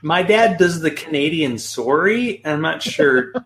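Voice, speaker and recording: A man's voice: on the high side, measured pace. Rambling male podcast host. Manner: relaxed and rambling, many "like" fillers. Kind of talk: casual chat.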